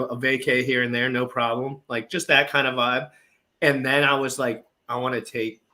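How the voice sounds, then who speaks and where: A man with a bright, forceful voice, chatting loosely on a podcast roundtable. He talks in an animated, swearing, rambling way. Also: mid-range voice. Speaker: podcast co-host. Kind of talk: casual roundtable chat.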